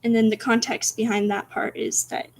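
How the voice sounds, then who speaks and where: Soft-spoken woman streamer reading a story. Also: fairly high pitch, flat delivery, normal speed. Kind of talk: reading her own story aloud on stream.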